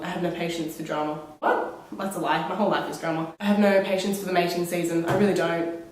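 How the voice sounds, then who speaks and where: A young woman with a cold vlogs from home, coughing now and then and rambling in a sarcastic, dramatic way. She sits well back from the camera, and her voice rings around a very echoey room. A faint noise sits under the recording. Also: lowish voice. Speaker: vlogger. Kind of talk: casual vlog monologue. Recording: very echoey room, mic far off.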